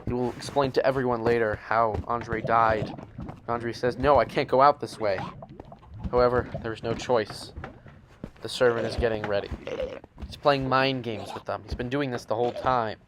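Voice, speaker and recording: A man narrates gameplay as if it were an epic, with teasing asides and a knowing tone. His voice sits at an ordinary pitch. A clear hiss and some clicks run under the home recording. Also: little pitch movement, moderate pace. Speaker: narrator of a game series. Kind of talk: playful dramatic narration over gameplay. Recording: noisy home mic with clicks.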